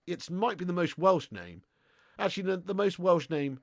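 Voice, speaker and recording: A man's voice: high-pitched, sing-song, moderate pace, no room sound, studio quality. A young man hosting a live football watch-along, bantering with his chat, swearing and laughing often.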